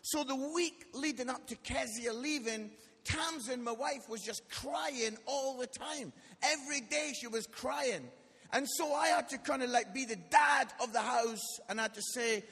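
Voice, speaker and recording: A man's voice: very high-pitched, unhurried, fairly bright tone, husky. A Scottish man in his forties, a guest preacher telling funny stories in a live church sermon, often tagging lines with "yeah?". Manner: jokey, tags lines with "yeah?", acts out quotes. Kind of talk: humorous storytelling sermon. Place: church hall, live audience. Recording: live church hall with long reverb.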